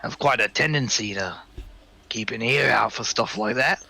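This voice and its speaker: A man's voice: medium pitch, normal speed, vocal fry, sharp tone. A man playing a tabletop game, talking in character in a casual, prying way. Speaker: player. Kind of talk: in-character tabletop role-play.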